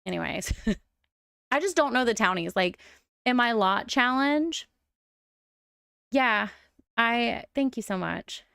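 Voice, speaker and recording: A young woman chats loosely as she streams a life-sim game, laughing easily and rambling from one thought to the next. Her voice has a gravelly, fry-tinged edge, and it sits close and dry with no room sound. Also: a little high, lively intonation, slow, pauses often, a bit bright, no echo. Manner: chatty, rambling, laughs often. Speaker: gaming streamer. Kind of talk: casual live stream chat.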